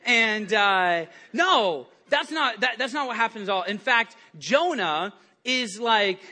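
A male pastor preaching a sermon to his church, animated and lively, stumbling over restarts and acting out the people in his stories. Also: high voice, slow pace. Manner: animated, acts out quoted voices, many restarts. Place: church service before a congregation.

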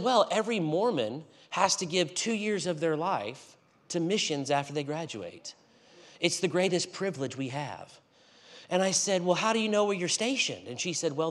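A man preaching in a church, telling a story with animated swings between loud and hushed delivery. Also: on the high side. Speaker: guest preacher. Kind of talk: storytelling sermon.

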